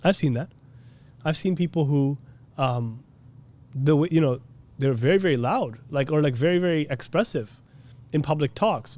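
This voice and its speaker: Guy teaching a relaxed religion class, kinda high voice but soft and mellow, lots of you know and like. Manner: chatty, heavy with fillers like "you know" and "like"; mimics preachers in a pitched-up voice. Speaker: Islamic teacher. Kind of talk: casual classroom lecture.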